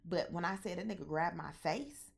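A woman's voice: on the low side, moderate pace, creaky, breathy edge. A young woman with a mixed Southern and Midwestern American accent, telling a personal story candidly and animatedly to her viewers, often swearing. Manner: candid, animated, profane, addresses viewers directly. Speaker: vlogger.

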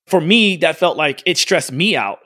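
A man with a slightly high voice tells a story from his work as a fitness trainer. He talks casually and animatedly, dropping plenty of "like" and acting out what people said. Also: normal speed, no room sound, studio quality. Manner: animated, acts out quoted dialogue, frequent "like". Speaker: fitness studio owner and trainer.

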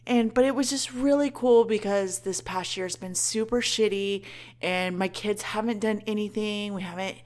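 A woman's voice: medium pitch, steady tone, normal speed, darkish tone. A woman, co-hosting a casual podcast chat, talking in a gushing, emotional way with lots of "like" and "um". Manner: chatty, emotional, frequent "like" and "um" fillers. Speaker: podcast co-host.

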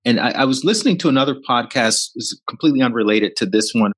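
A man's voice: mid-range voice, expressive, quick pace, a bit bright. A man hosting a podcast interview, telling stories and affirming his guest. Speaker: podcast host. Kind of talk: interview conversation.

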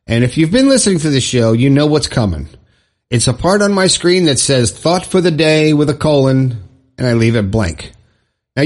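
A man's voice: fairly high pitch, breathy edge. A middle-aged man hosting a solo podcast, giving advice in a casual, conversational way and chuckling at himself now and then. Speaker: podcast host.

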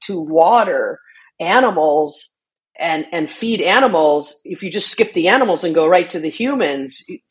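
Very husky low-pitched woman. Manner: earnest and explanatory, frequent restarts and fillers. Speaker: interview guest, shark conservation advocate. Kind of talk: conversational interview answer.

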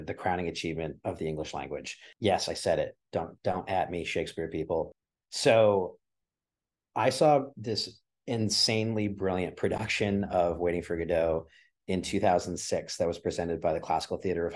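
A man's voice: low-pitched, a little mellow. A man guest on a podcast, talking earnestly and emotionally about theater, getting choked up as he tells a story. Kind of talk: conversational interview.

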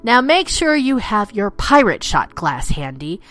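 A woman hosting a show, narrating dark legends in a playful, theatrical way, now and then slipping into pirate talk. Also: mid-range voice, very animated, measured pace, hardly any pauses. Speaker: podcast host.

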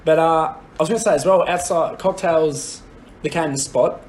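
A young man co-hosting a podcast, telling a pub story in blunt, profane, deadpan chat. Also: a little high, normal speed. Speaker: podcast co-host. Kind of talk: casual storytelling.

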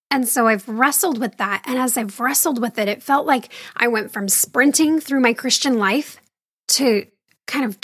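A woman's voice: a little high, a bit bright, no room sound, studio quality. A woman telling a candid personal story about her faith in a conversational monologue, with wry asides and the occasional sigh. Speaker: speaker sharing her faith journey.

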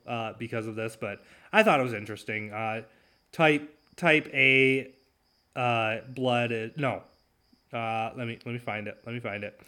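A man hosting his own talk show, alone at the mic, with a voice of middling pitch. He rants in a sarcastic, mocking way, with plenty of ums and uhs as he goes. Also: fairly bright tone. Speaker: podcast host. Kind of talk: solo talk show commentary.

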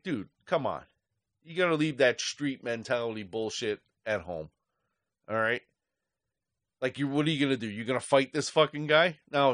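A man's voice: medium pitch, a bit bright, no room sound, studio quality. A man hosting his own podcast, ranting angrily about sports fans and swearing constantly. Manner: angry, profane ranting. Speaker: podcast host. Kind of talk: solo podcast rant.

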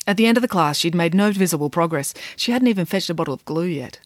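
A woman who writes children's books and hosts a podcast, reading a bedtime story aloud in a measured, expressive way. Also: fairly low pitch, no room sound, studio quality. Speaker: children's author and podcast host.

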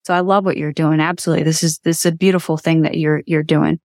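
A woman's voice: low voice, level tone, fast talker, darkish tone, no echo, clean studio sound. A woman hosting a podcast interview, who talks in an earnest, reflective way and brings her faith into the conversation. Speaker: podcast host.

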